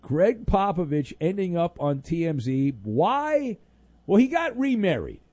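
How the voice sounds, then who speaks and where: A man's voice: high-pitched, big pitch swings, unhurried, a little mellow, dry recording. A man hosting a sports talk radio show, sarcastic and mock-exasperated with callers.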